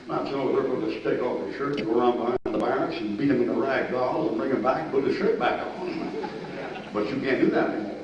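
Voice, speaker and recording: A man's voice: mid-range voice, moderate pace, a little hiss or hum. Folksy older man preaching in an echoey church. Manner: folksy, animated, shouts and laughs mid-story. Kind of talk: sermon with army stories. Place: church sanctuary. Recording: echoey distant church recording, dull and lo-fi.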